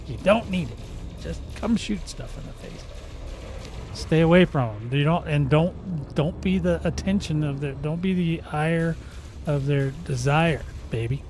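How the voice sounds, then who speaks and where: Measured in pace and a little mellow, this slightly high male voice comes with a bit of hiss or hum. He's a gaming-channel host giving playful, joking live commentary as he plays, sounding out guns with his mouth.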